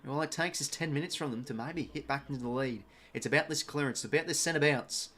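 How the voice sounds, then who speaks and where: An excitable young Australian man giving live fan commentary on a football match, chatty with viewers and prone to shouting and swearing at big moments. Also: mid-range voice, brisk. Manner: chatty asides and thanks to viewers. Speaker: watch-along commentator.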